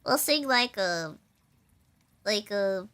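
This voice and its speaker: Young woman vtuber just chatting, rambles w/o breathing, laughs a lot, very lively voice. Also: medium pitch, clear, resonant tone. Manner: rambling, talks without pausing, laughs often. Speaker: VTuber streamer. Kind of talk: casual live-stream chat.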